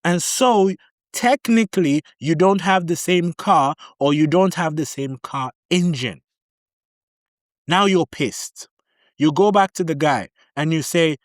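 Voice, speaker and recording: A man's voice: fairly high pitch, slow pace, dry recording, studio quality. A man vlogging casual advice, telling stories animatedly and repeating key warnings for emphasis. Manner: animated storytelling, acting out both sides of arguments. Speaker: vlogger giving advice on living in Barbados. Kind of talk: casual advice talk to camera.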